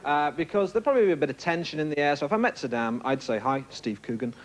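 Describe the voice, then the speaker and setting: A young man doing a stand-up routine, telling a story in an animated way and slipping into silly voices. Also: fairly high pitch, very fast. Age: young adult. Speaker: stand-up comedian. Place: comedy club stage. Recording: live club with loud crowd noise.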